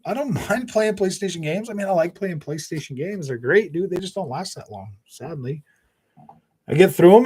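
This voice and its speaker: A man's voice: sits high, a little mellow, breathy edge. A man hosting a gaming channel, chatting casually on a live stream in a sarcastic, mocking way and saying "man" and "bro" a lot.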